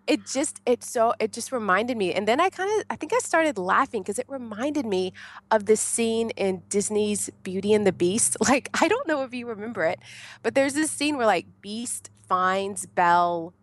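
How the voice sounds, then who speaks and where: A woman from the United States, a podcast guest, tells her story in a casual, animated way. She laughs often and acts out what she shouted back then. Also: fairly high pitch, normal speed.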